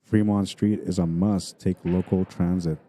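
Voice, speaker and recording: A man's voice: low-pitched, fairly even intonation, unhurried, dark tone. A middle-aged man from Manitoba with a Canadian accent, rambling casually as a pool stream commentator and reading viewer comments aloud.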